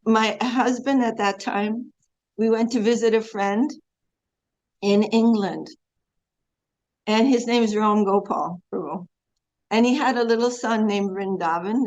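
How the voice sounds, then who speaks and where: A woman's voice: medium pitch, darkish tone. A woman spiritual teacher giving an earnest devotional class talk over a video call, telling stories and quoting prayers. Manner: earnest, storytelling with many quoted prayers. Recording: dull lo-fi video call audio.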